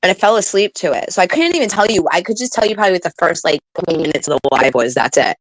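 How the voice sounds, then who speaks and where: A middle-aged woman speaks in a lowish voice, chatty and storytelling, stretching words for emphasis. The recording is dry and close, with no room around her. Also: animated, racing, dry recording, rough recording. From New England. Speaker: podcast co-host. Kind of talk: casual chat.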